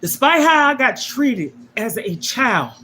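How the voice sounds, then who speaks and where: A woman's voice: on the high side, sing-song, takes it slowly, pushed and bright, slight background noise. A middle-aged woman hosting a livestream, talking emotionally and emphatically to viewers about her life and repeating her key points like a sermon. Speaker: livestream host. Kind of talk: emotional personal talk to viewers.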